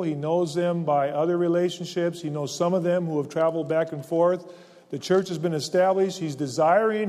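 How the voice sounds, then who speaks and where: Guy preaching a sermon, earnest and emphatic, slightly high but mellow voice, big echoey church hall. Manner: earnest, emphatic scripture reading with slow stresses. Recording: long reverb of a large hall.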